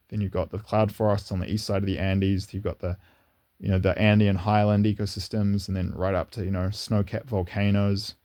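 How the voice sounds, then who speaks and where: A man with a low, mellow voice talks casually to his channel in an unscripted monologue. He rambles and restarts often, repeating words as he gathers his thoughts. His pitch climbs eagerly when he gets enthusiastic. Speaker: channel host. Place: lives in New Zealand, indoors.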